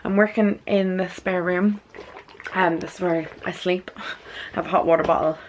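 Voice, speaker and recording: A woman's voice: on the low side, steady tone, normal speed, slight background noise. A woman chatting casually in a vlog from a spare room at home, rambling and dropping into whispered asides. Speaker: beauty vlogger.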